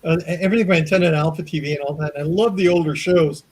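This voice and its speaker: A man's voice: fairly high pitch, fairly even intonation, very fast, a little mellow, rough recording. A man hosting an interview show, asking friendly, rambling questions full of fillers. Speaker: show host. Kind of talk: casual interview chat.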